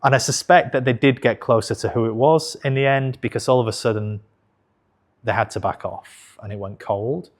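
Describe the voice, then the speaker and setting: A man's voice: mid-range voice, moderate pace. A man in his thirties telling a personal story to camera in a frank, conversational way, swearing casually and correcting himself as he goes. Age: 30s. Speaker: investing channel host.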